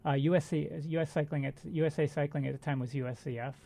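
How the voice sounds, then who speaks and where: A middle-aged man, a guest on a talk show, recalling his racing years in a halting way full of fillers. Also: a little high, steady tone, creaky, dark tone. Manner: halting, filler-heavy recollection. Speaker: guest, former bike racer. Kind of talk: casual conversational storytelling.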